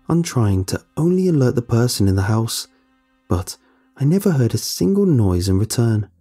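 Brief: man, horror narration, dark husky low voice, tense delivery, faint music under. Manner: tense, dramatic pauses. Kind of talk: scripted horror story narration.

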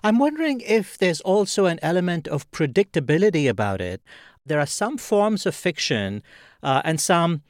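A man's voice: a little high, sing-song, normal speed, dry recording, studio quality. A man hosting a podcast, interviewing a guest in a thoughtful, conversational way. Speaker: podcast host.

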